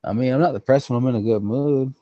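A man's voice: medium pitch, fast talker, dry recording, lo-fi sound. A young man co-hosting a podcast, chatting casually and swearing freely. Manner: profane, laid-back, bursts into loud acting. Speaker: podcast co-host. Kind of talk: casual chat.

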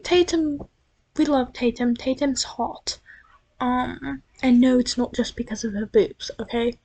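High-voiced chatty young woman vlogger. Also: fairly even intonation, measured pace, darkish tone, slightly rough. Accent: slight drifting British-sounding accent. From United States. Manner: chatty, self-deprecating, lots of restarts and asides. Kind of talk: rambling casual monologue. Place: at home at night. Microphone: built-in computer microphone.

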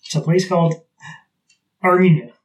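Man, podcast co-host, casual rambling, sarcastic, slightly high pitch. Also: moderate pace, a little hiss or hum, poor audio. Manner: rambling, restarts, sarcastic asides. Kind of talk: casual chat.

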